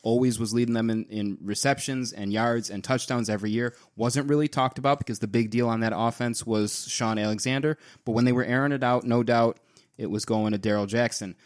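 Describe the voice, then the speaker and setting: A man co-hosting a casual sports chat, relaxed and enthusiastic, trailing off with fillers. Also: medium pitch, brisk. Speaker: co-host.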